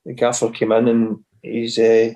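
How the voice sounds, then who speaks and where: A man's voice: mid-range voice, completely flat delivery, unhurried, warm tone, a little hiss or hum. Scottish man rambling through anecdotes. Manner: rambling anecdotes with many restarts and acted quotes. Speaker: guest, former footballer. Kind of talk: casual storytelling.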